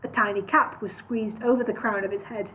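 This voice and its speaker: A woman's voice: mid-range voice, fairly even intonation, a little fast, slight background noise. A woman reading a parody fantasy novel aloud, sometimes stopping to redo a line. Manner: stops and redoes lines. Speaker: reader. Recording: tinny phone-like sound.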